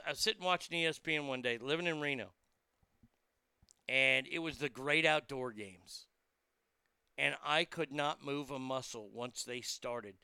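A man's voice: mid-range voice, gravelly, sharp tone, smooth, no room sound. A man hosting his own show, rambling casually and chattily with a profane edge. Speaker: host.

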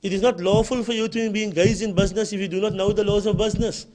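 This Islamic lecturer has a high male voice with a steady, darkish tone and talks fast. With a Cape Town South African accent, he gives an emphatic religious lecture and frequently repeats his key points.

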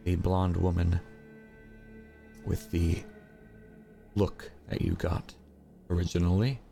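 A man's voice: low-pitched, flat delivery, slow, gravelly, mellow, soft background music. A man narrating a tabletop role-playing game as game master.

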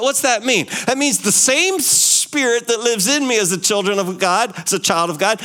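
A pastor with a high, animated male voice delivers a sermon, preaching energetically and leaning on rhetorical questions and repetition.

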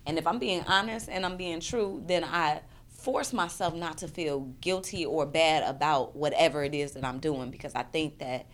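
A woman's voice: deep voice, moderate pace, few pauses. A woman poet in her thirties, speaking earnestly and emotionally in an interview, often repeating words as she searches for them. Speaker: poet and performance artist. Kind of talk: candid interview conversation.

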